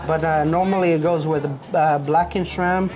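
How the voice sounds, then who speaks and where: A man, a chef, explaining his dishes in a relaxed, matter-of-fact way. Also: a little high, normal speed. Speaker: chef and restaurant owner.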